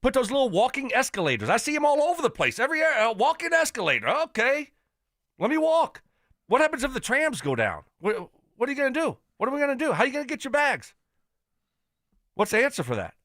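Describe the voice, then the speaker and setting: A man hosting a sports radio show, telling a story in an animated, exasperated rant. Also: very high voice, quick pace, dry recording, clean studio sound. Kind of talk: casual radio chat.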